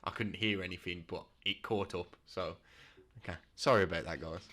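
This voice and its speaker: A man co-hosting a football podcast over an online voice call, eager and quick to cut in. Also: low voice, steady tone, bright, forceful tone. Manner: eager, jumps in and talks over others. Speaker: podcast co-host. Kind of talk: casual football chat. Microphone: online voice call over Discord.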